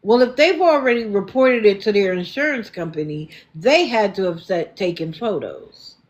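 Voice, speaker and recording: A woman's voice: medium pitch, lively intonation, moderate pace, dull audio. A woman hosting a casual livestream, talking indignantly and accusingly. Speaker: livestream host.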